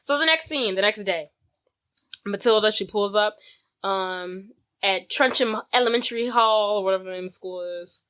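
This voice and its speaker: A woman's voice: mid-range voice, moderate pace. Casual woman retelling a movie. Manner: animated storytelling with acted-out quotes; casual slang. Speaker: podcast co-host. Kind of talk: casual movie recap chat.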